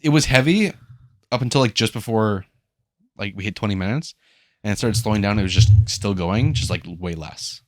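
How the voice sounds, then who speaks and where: A man's voice: lowish voice, lively intonation, normal speed, no echo, studio quality. A young man co-hosting a podcast, animatedly retelling a story in casual chat, acting out others' lines and swearing freely. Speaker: podcast co-host.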